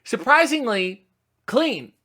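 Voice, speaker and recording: A man hosting a comedic trailer reaction, talking in a sarcastic, mocking way with deadpan asides. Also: very high voice, takes it slowly. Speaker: host reacting to a movie trailer.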